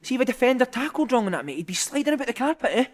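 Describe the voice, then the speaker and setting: A high-pitched man spins footballing anecdotes in a loose, sweary podcast chat. He talks with bursts of energy and keeps throwing in "mate". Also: very fast. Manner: animated, swearing, lots of "mate". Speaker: former footballer, podcast guest. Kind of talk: casual storytelling chat.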